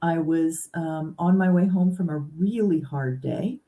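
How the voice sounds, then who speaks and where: Woman, guest, earnest and reflective, low pitch, mellow tone. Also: unhurried. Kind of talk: casual conversation about grief.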